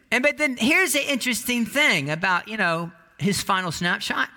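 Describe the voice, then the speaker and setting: A man preaching a sermon in a conversational, animated storytelling way, often restarting his sentences. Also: high-pitched. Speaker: pastor.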